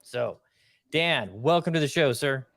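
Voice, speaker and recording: A man's voice: medium pitch, unhurried, creaky, a bit bright, dry recording. Jokey male podcast host, dry sound. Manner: jokey, laughs along easily. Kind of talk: casual podcast chat.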